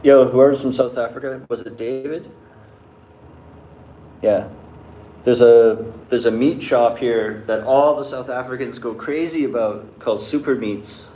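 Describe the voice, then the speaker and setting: A man's voice: medium pitch, measured pace, pauses often, warm tone, roomy sound. A young man casually chatting and answering viewer questions, rambling with lots of "like" and restarts. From Canada. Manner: rambling, loose, many likes and restarts. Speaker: vlogger answering live chat. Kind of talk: casual chat.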